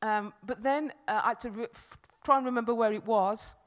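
A woman's voice: on the high side, fairly quick, a bit bright. A middle-aged woman giving a talk at a church gathering, telling a personal story in a chatty, self-deprecating way. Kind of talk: sermon with personal anecdote.

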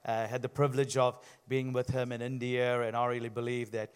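A man's voice: medium pitch, flat delivery, fairly quick, clean tone. A man from New Zealand with a Sri Lankan Kiwi accent, a jovial guest preacher giving a sermon. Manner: jovial, playful with the crowd.

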